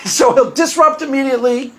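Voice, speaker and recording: Male commentator, higher pitched, unscripted and animated, acts out quotes mid-story. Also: moderate pace. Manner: conversational, many restarts. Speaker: YouTube commentator.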